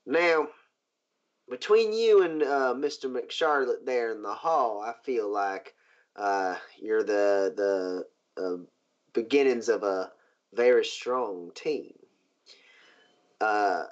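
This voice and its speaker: A man voicing a smooth, scheming riverboat boss who drawls his offers slowly with hesitant pauses. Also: mid-range voice, pitched below the performer's own voice. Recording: dull lo-fi recording.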